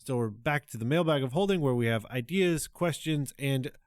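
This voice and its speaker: A man's voice: mid-range voice, moderate pace, no echo, clean studio sound. A man hosting a podcast, announcing a listener-mail segment in an upbeat tone. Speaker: podcast host. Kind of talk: scripted segment intro.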